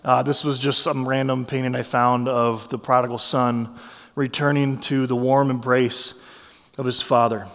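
A man preaching a sermon as a pastor, telling stories in a conversational, animated way with restarts. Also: medium pitch, normal speed, big-room sound.

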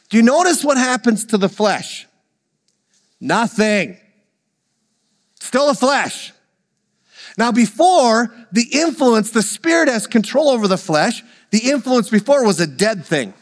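A man's voice: very high voice, expressive, a little slow, in a large hall. A man preaching a sermon, leading the congregation in call-and-response and joking with them. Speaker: pastor.

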